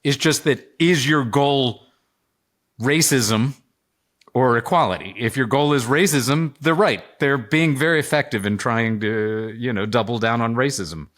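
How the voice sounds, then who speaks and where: A man's voice: mid-range voice, a little slow, a bit bright. A man co-hosting a casual political podcast, opinionated and lecturing, swearing freely. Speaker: podcast co-host.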